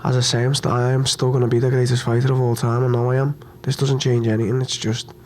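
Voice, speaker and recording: A young man speaks at a post-fight press conference, his voice at an ordinary middle pitch. He is upset and hurt after losing, and talks bluntly and haltingly, repeating himself and swearing as he goes. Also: little pitch movement, darkish tone.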